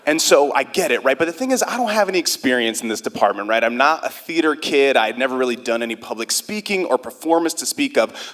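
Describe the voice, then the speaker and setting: A young man telling a funny personal story live on stage, casual and self-mocking, full of quick asides. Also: medium pitch, a bit bright. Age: young adult. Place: theater stage before an audience.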